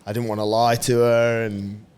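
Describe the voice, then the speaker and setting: A man's voice: medium pitch, little pitch movement, moderate pace, a little mellow, clear, resonant tone. A man in a podcast interview, telling a story in a casual way. He laughs often, swears and acts out what others said. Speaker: podcast guest.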